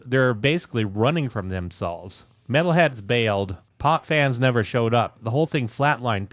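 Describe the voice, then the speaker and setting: A man's voice: mid-range voice, no echo. Punchy, dry-voiced male music narrator. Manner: punchy, dramatic, slangy and profane. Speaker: narrator of a music history channel. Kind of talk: scripted documentary narration.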